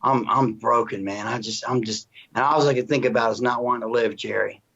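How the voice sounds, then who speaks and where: A man's voice: mid-range voice, fast talker, gravelly, fairly bright tone. Earnest middle-aged man, dull lo-fi recording. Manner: earnest, emotional, with frequent restarts and "you know what I mean". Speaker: interview guest. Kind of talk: personal testimony in casual conversation. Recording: dull lo-fi sound.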